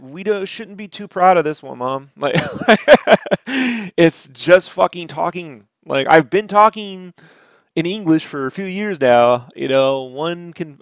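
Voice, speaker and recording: High-voiced, profane, rambling man. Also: creaky, dry recording, studio quality. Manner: profane, rambling, rapid asides. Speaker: artist streaming a drawing session. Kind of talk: casual rant while drawing.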